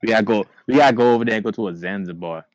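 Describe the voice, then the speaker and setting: A man's voice: fairly low pitch, very fast. A young man co-hosting a casual podcast chat, profane and joking, often breaking into laughter. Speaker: podcast co-host.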